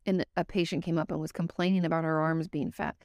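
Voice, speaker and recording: A woman therapist with a low, gravelly voice talks frankly and conversationally, offering advice to her audience. She comes across as candid and casual, now and then dropping a swear word. The sound is dry and close, with no room around it. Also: flat delivery, fast, darkish tone, no echo. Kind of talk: casual advice talk to viewers.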